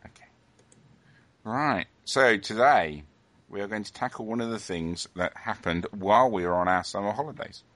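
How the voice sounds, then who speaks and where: A man's voice: on the low side, moderate pace, fairly bright tone, dry recording. A man hosting a casual podcast, wry and joking, rambling with fillers. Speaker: podcast host.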